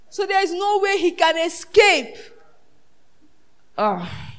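A woman preacher with a high voice, delivering a sermon in bursts. She rises to shouts and falls to near-whispers, and often asks the congregation questions. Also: expressive, measured pace, long pauses. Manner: dramatic, swinging between shouted peaks and hushed asides.

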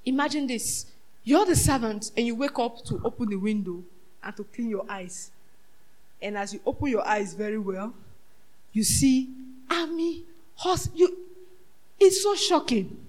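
A woman preaching a sermon, swinging from shouted peaks to hushed asides and asking the congregation rhetorical questions. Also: on the high side, expressive, a little slow, long pauses.

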